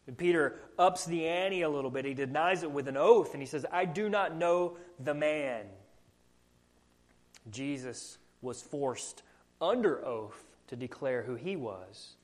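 A man's voice: mid-range voice, normal speed. A man with a Southern US accent preaching a sermon, earnest and full of rhetorical questions. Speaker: pastor.

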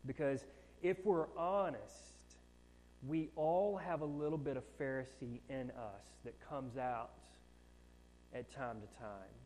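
A man preaching a sermon, telling a self-mocking story from his own life, with animated, shifting emphasis. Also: medium pitch, takes it slowly, long reverb tail, a little hiss or hum. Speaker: pastor.

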